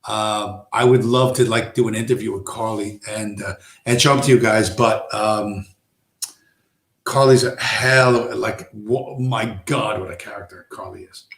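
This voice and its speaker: A man's voice: lowish voice, steady tone, unhurried, a bit bright, echoey room. Rambling New man on a stream. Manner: rambling storyteller, acts out quoted tough-guy lines, swears. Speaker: live stream host. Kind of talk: casual rambling stream chat.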